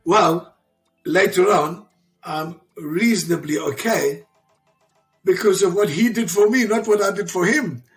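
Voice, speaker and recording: A man's voice: high voice, a little slow, soft background music. A man in his sixties, an interview guest, telling personal stories emphatically and repeating himself for weight. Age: 60s. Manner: emphatic and repetitive, restarts sentences. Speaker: interview guest, father of a champion. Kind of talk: emotional storytelling in conversation.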